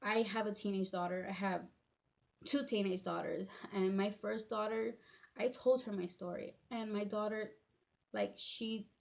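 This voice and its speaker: Tearful woman telling a storytime, gravelly voice. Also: medium pitch, steady tone. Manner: emotional, halting, many fillers and restarts. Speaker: vlogger. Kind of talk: personal storytime.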